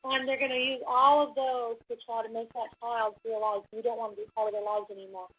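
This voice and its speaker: A woman co-hosting a talk show, giving calm, instructive advice. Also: a little high, husky. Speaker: podcast co-host. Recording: dull lo-fi audio.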